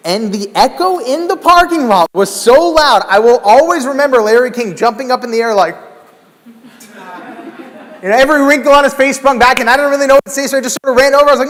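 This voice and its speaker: Man, high voice, animated storytelling keynote, large hall reverb. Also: a little fast. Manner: animated, acts out scenes with loud exclamations. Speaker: keynote speaker.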